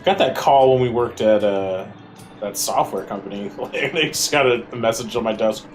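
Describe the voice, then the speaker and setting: Low-voiced man chatting over game music. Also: moderate pace. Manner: laid-back, profane, short agreeing replies. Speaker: co-op gaming partner. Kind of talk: casual chat over co-op gameplay.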